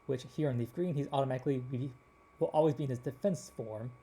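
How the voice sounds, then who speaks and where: Dark-voiced man rambling about games. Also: mid-range voice, fast talker. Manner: rambling, with frequent restarts and fillers. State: slightly hoarse. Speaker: gaming channel host. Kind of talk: casual gameplay rambling.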